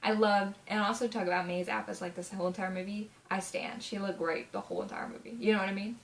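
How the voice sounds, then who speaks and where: A nineteen-year-old woman reviewing a movie in a casual vlog, gushing and chatty, her sentences full of filler words, now and then jumping into loud, high exclamations. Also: little pitch movement, fast talker, creaky, a little hiss or hum. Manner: chatty, gushing, full of "like" and "you know what I mean".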